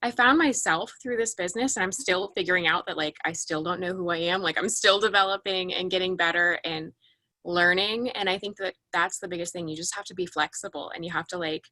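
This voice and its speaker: A woman's voice: lowish voice, brisk, sharp tone, dry recording. A woman guest in a casual chat, speaking earnestly with frequent restarts and rambling asides. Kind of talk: casual chat on a video call.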